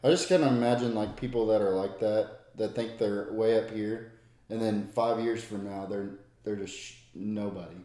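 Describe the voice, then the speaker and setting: Laid-back, low-voiced young man, echoey room. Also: steady tone, normal speed, mellow. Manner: laid-back, agreeable, short replies. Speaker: podcast co-host. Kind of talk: casual podcast chat.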